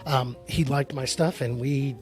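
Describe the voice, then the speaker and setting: A man's voice: medium pitch, fairly even intonation, a little slow, music in the background. A man from Buffalo, New York, a musician guest on a radio show, telling stories with upbeat enthusiasm. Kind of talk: casual radio interview chat.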